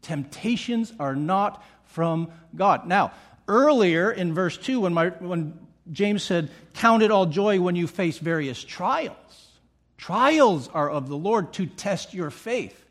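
Husky, lively preaching man. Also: high-pitched, slow. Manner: emphatic preaching with repeated phrases and playful asides. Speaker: pastor. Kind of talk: sermon.

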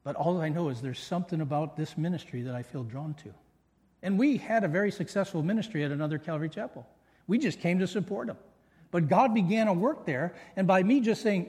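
A middle-aged man preaching a sermon in an earnest, storytelling way. His voice sits a bit high for a man. It rings out with a long hall echo in a church sanctuary. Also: a little fast, a little mellow. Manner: earnest preaching with personal stories. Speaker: pastor.

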